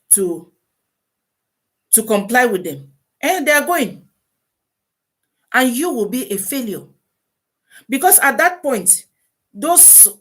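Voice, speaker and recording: With a Nigerian Pidgin English accent and a slightly high voice, a woman hosts a relaxed live-stream advice session. She's animated and leans heavily on rhetorical questions.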